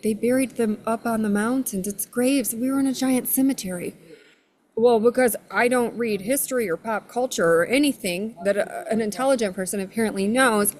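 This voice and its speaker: Loud, expressive woman telling a story. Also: medium pitch. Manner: expressive, laughs often, self-described loud. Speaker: guest, energy healer. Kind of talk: animated storytelling in conversation.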